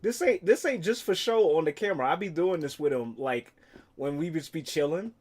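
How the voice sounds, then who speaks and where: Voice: medium pitch, animated, brisk, a little mellow, breathy edge. A streamer chatting casually on a live stream, rambling and swearing playfully.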